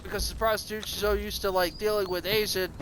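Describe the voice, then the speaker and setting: High-voiced man rambling a crude story. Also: level tone, fast, a bit bright, slight background noise. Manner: crude, rambling, self-mocking. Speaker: streamer.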